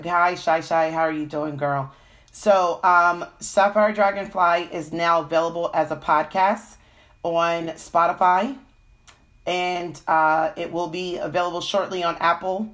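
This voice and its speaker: A woman's voice: lowish voice, a bit bright. A woman with a cold giving a casual live-stream tarot reading, full of fillers and "okay?" check-ins. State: has a cold. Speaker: tarot reader.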